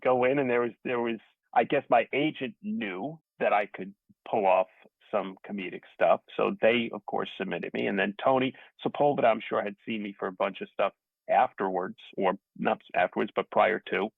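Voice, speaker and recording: Gravelly, husky man from New York, guest actor telling stories, thin phone-line sound. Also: lowish voice, normal speed, dry recording. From Staten Island, New York. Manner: rambling, self-deprecating storyteller. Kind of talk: casual interview conversation. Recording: tinny phone-like dry audio.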